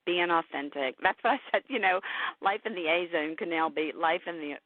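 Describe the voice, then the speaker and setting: A woman's voice: fairly low pitch, brisk. A middle-aged woman talks openly and with feeling in a casual interview. Her voice comes through a tinny, phone-like line. The sound is dry and close, with no room echo. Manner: emotional, candid, animated storytelling with laughs. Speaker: podcast host and caregiver guest.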